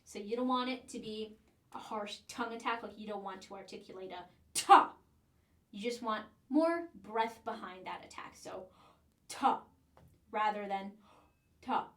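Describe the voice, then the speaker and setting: A woman's voice: medium pitch, moderate pace, fairly bright tone, recorded from a distance. A woman teaching the trombone, walking through the steps of a practice excerpt and now and then singing the rhythms on single syllables. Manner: explains step by step, sings rhythms on syllables. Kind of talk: instructional demonstration. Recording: echoey room, a bit off mic.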